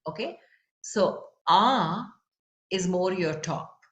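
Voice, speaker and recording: A woman, a leadership and voice coach explaining breathing and chanting in a calm, instructive way during an interview. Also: fairly low pitch, slow, muffled recording. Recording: roomy with faint background noise.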